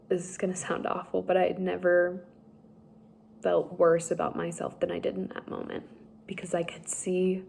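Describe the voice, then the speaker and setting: A young woman slowly telling a personal story, halting and emotional at times. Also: fairly low pitch, gravelly, darkish tone, slight background noise. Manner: slow, halting, tearful at times. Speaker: speaker sharing a personal story.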